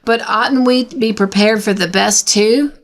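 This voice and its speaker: A woman's voice: mid-range voice, a little slow, lightly acted. A woman reading aloud and voicing an earnest, idealistic sixteen-year-old girl who speaks with eager enthusiasm. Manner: pleading, enthusiastic.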